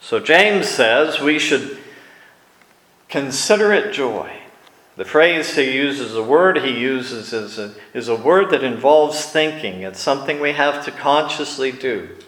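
A man delivers a sermon at an unhurried, measured pace, leaning on pauses for emphasis. His voice sits at an ordinary middle pitch. The sound carries a noticeable echo, as if recorded in a roomy space. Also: expressive, a bit bright. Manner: slow, deliberate teaching delivery with emphatic pauses. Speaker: preacher.

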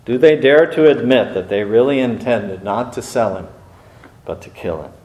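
A man's voice: medium pitch, darkish tone, dull audio. Earnest male preacher in an echoey church. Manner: earnest, measured, with small restarts and pauses. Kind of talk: sermon. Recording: echoey room.

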